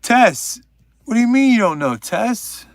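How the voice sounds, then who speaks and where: A man's voice: extremely high pitch, very animated, a little slow, dry recording. A young man hosting a livestream, chatting casually and joking while reading out viewers' names. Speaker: livestream host.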